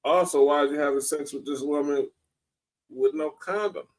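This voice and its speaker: A man's voice: on the high side, steady tone, normal speed, a little mellow. A man hosting a casual live-streamed talk show, ranting bluntly and mockingly with plenty of profanity. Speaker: host. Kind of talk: casual podcast commentary. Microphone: video call or stream mic.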